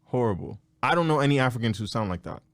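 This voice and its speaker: A man's voice: mid-range voice, expressive, fast, no echo, clean studio sound. A young man co-hosting a podcast, chatting casually, joking and laughing as he acts out quoted voices. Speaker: podcast co-host. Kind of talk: casual chat.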